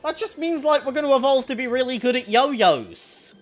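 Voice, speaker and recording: Chatty streamer with a lively voice. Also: high-pitched, normal speed. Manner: chatty, rambling, laughs often, swears casually. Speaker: streamer playing a video game. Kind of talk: casual live-stream chat. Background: faint in-game music.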